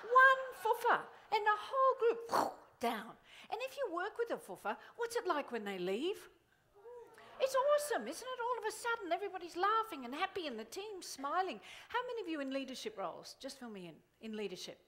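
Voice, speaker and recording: A middle-aged woman giving a live motivational keynote to a conference audience, animated and exclamatory. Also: very high-pitched, a little fast. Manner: animated, exclamatory, quotes others in funny voices. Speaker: motivational speaker. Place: conference hall before an audience.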